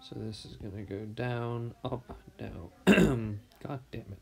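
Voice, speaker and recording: A tired man with something in his throat, mumbling softly and half-whispering as he comments on his drawing. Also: on the low side, takes it slowly, creaky, crowd noise. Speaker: artist streaming his drawing. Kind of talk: casual commentary while drawing.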